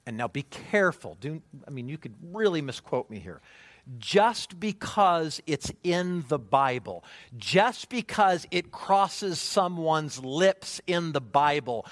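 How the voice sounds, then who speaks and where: A man preaching a sermon, animated and conversational, with many rhetorical questions. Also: fairly high pitch, slow pace, no echo. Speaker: pastor.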